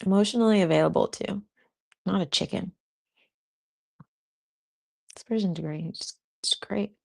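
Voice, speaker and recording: A woman's voice: mid-range voice, a little slow, creaky, darkish tone. A woman hosting a casual spiritual livestream, chatting and reacting to comments with frequent laughter. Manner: giggly, laughs often between remarks. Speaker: spiritual content host.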